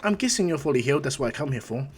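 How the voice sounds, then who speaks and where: A man's voice: mid-range voice, lively intonation, very fast, slightly rough, faint music behind. A man voicing a breezy teen boy superhero. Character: cheerful confident teenage boy superhero.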